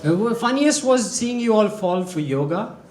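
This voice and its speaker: A young man from India with an Indian English accent, doing a deadpan, profane stand-up set with mock-menacing punchlines. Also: high voice, normal speed, noisy background. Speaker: stand-up comedian. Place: comedy club stage with audience. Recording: echoey club, loud crowd laughter.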